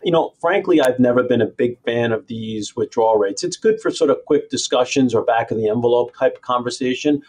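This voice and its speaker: A man with a strong New York accent, a financial planner answering interview questions in a measured, explanatory way. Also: mid-range voice, a little mellow. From Queens, New York.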